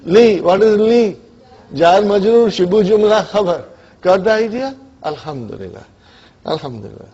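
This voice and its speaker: Husky high-voiced man teaching grammar. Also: expressive, normal speed, warm tone. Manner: drills students with questions and checks they follow; mixes English with Arabic grammar terms. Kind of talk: classroom lecture. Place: classroom with students. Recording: dull lo-fi classroom recording.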